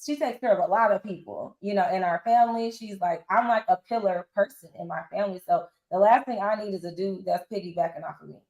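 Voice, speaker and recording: A woman's voice: medium pitch, fast, few pauses. A woman in her forties telling stories in a casual interview, acting out what others said. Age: 40s. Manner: animated storyteller acting out quotes. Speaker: interview guest. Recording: roomy echo.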